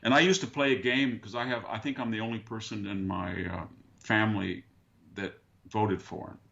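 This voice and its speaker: Older male guest, low gravelly voice, dry anecdotal storyteller, muffled lo-fi line. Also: fairly even intonation, normal speed, a bit bright. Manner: dry, anecdotal, mimics others mid-story. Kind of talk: conversational storytelling. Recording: dull lo-fi remote audio.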